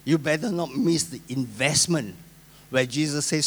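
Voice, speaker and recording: A male pastor with a Singaporean English accent preaching a sermon, swinging between loud emphasis and soft asides, acting out the voices of people he quotes. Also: on the high side, moderate pace.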